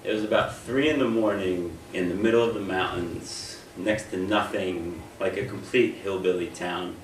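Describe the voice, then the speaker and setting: Onstage in a room, a young comedian from the US talks at a normal speed in a low-pitched voice. His self-mocking set is full of restarted sentences, and the recording has echo, faint noise, and a distant mic.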